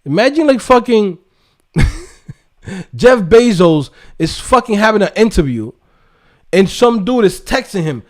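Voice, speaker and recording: Man, high voice, livestream host, casual profane rant, animated, mocking impressions. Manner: animated, swears constantly, acts out people in quick mocking voices. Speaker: livestream host and coding instructor.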